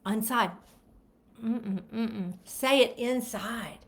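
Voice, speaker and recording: A woman's voice: on the high side, extremely slow. A woman giving a motivational self-help talk, emphatic and repetitive, leading listeners through spoken affirmations. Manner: emphatic, repeats phrases and leads spoken affirmations. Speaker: motivational speaker.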